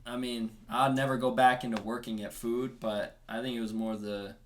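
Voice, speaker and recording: A man's voice: mid-range voice, little pitch movement, normal speed, slight background noise. A man chatting as a podcast guest, rambling through a story and laughing often. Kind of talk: casual podcast chat.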